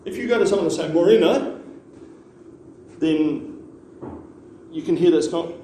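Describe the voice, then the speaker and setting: A man's voice: on the high side, moderate pace, warm tone, slight background noise. A man teaching a language class, patiently repeating words for the students to echo. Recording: echoey room, mic far off.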